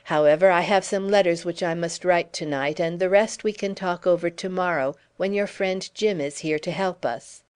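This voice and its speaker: A woman's voice: on the low side, normal speed, few pauses, darkish tone, clear, resonant tone, natural voice. A woman reading as a theatrical young Frenchman, grand and mocking in manner, in an audiobook.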